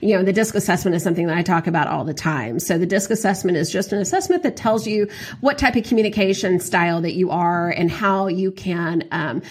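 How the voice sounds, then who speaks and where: A woman hosting a podcast, telling a story in a chatty, animated way with lots of fillers. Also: on the low side, brisk, breathy edge. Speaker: podcast host. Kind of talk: casual storytelling monologue.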